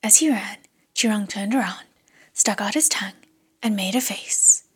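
A woman reading an audiobook in a hushed, measured whisper. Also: medium pitch, slightly rough. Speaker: audiobook narrator.

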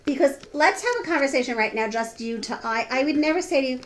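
A woman's voice: sits high, fast, few pauses. A woman co-host in a casual chat, indignant and mocking, with sneering imitations.

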